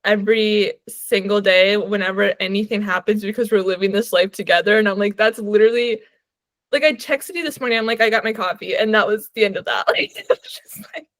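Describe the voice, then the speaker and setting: A woman co-hosting a book podcast in casual chat, animated and quick to laugh, telling stories with many "like" fillers. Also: mid-range voice, dry recording. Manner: animated, laughs often, filler-heavy storytelling. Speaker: podcast co-host. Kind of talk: casual chat about books.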